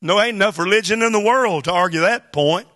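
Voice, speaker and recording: A man's voice: high voice, fairly quick, fairly bright tone. A man pastor preaching a sermon, building to emphatic bursts and exclamations. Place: church hall.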